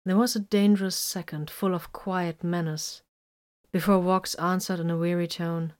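A woman narrating a story in an audiobook style, measured and even. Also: lowish voice. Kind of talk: audiobook narration of fan fiction.

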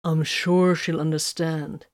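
A woman's voice: sits low, flat delivery, takes it slowly, no echo, studio quality. A woman reading the part of a sarcastic male space warrior with an ironic edge.

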